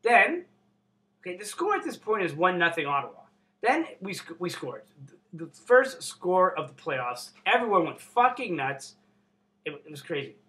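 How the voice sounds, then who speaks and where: A young man from Canada vlogging casually, excitable and swearing constantly. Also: high voice, moderate pace. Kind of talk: casual unboxing vlog.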